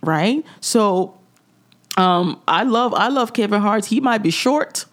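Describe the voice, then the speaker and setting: A woman's voice: medium pitch, lively intonation, slow. A middle-aged woman hosting a faith-based podcast, talking in a direct, preachy way with chuckling asides. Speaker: podcast host.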